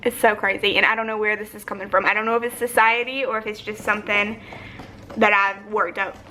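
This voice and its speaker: A young woman vlogs casually from her home floor on a phone or camera running low on battery, with a little hiss or hum. Her voice is medium-pitched, bright and forceful, a little fast with little pitch movement, and her reflective rambling is full of filler "likes."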